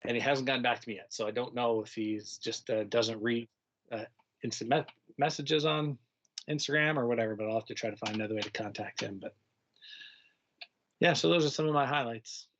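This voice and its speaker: Middle-aged man, retired teacher, lively storyteller who acts out kids' voices, mid pitch, slightly dull recording. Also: fairly quick. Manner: animated, acts out kids' voices, laughs often. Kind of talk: casual storytelling conversation.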